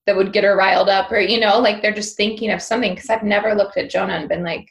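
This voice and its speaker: A woman's voice: medium pitch, steady tone, fast talker, creaky, echoey room, muffled recording. A woman co-hosting a parenting podcast, talking in a casual, chatty way with lots of "like". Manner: chatty, peppered with "like". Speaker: podcast co-host.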